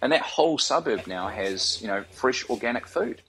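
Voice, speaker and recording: A man's voice: mid-range voice, animated, moderate pace, fairly bright tone, low-quality recording. A man, telling stories as a guest in a casual interview, swearing freely and acting out the voices of the people he quotes. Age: 40s. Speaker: guest, startup founder.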